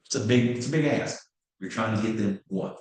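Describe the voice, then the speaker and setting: A man's voice: fairly low pitch, a little fast, darkish tone. A man in his fifties giving a passionate, blunt real estate training talk. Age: 50s. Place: training room. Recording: very echoey room.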